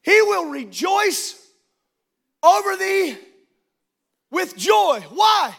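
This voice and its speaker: A man, a pastor, preaching a sermon in a church, shouting and swinging into sing-song cadences. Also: extremely high pitch, sing-song, extremely slow, vocal fry, long pauses.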